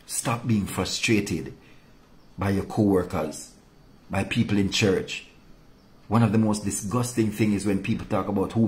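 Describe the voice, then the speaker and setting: A male pastor delivers an impassioned sermon of rebuke at an unhurried pace. To drive his points home, he drops his voice low and soft.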